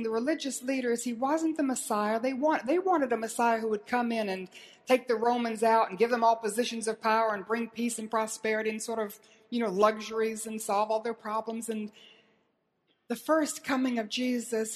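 A woman delivers a sermon with earnest conviction. She presses her listeners with pointed questions and tells the old stories with dramatic flair. Her voice sits a little high for a woman. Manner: earnest, rhetorical questions to the audience, dramatic retelling. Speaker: preacher.

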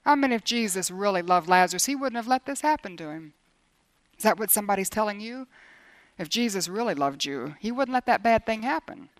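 A middle-aged woman preaching a sermon in an earnest, lively way, moving between emphatic lines and hushed ones and repeating phrases for emphasis. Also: mid-range voice, a little fast, dry recording.

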